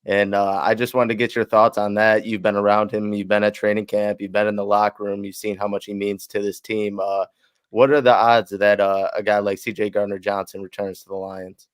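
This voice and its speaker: A man co-hosting a sports podcast, asking a guest questions in a steady, casual way. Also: lowish voice, brisk, clear, resonant tone, dry recording. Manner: asks questions with a flat, steady delivery. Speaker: podcast co-host.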